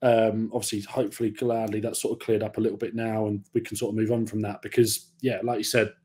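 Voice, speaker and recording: A man's voice: fairly low pitch, level tone, fast talker, a little mellow. A young man co-hosting a casual football podcast over a call, rambling and hesitant, often restarting his sentences. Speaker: podcast co-host and YouTuber. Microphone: remote call mic.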